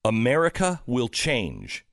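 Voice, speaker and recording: A man's voice: mid-range voice, huge pitch swings, takes it slowly, gravelly, no room sound. Fervent talk-radio man, dry studio sound. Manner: fervent, preachy, swings from shouting to hushed. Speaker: radio host. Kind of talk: impassioned political talk radio monologue.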